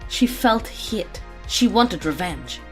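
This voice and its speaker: A woman's voice: mid-range voice, expressive, slow pace, fairly bright tone, faint music behind. Woman reading a backstory, laughing. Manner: laughs often, breaks off into giggles. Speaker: reader of a character backstory. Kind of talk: reading a backstory aloud with banter.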